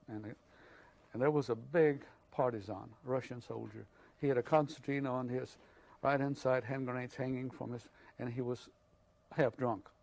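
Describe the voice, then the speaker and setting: An older man, from Hungary, telling his life story in an oral history interview, halting and full of fillers. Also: mid-range voice, a little mellow.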